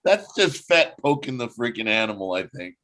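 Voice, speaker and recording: A man hosting a casual review chat, animated, laughing often and talking his way through each scene. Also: medium pitch, normal speed. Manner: animated, laughs often, jumps into quoted voices. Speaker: podcast host.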